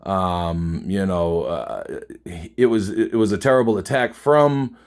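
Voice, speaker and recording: A man's voice: sits low, slow, darkish tone. A man in a casual spoken rant, emphatic and profane, dismissive and often restarting his sentences. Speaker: concertgoer recounting a show.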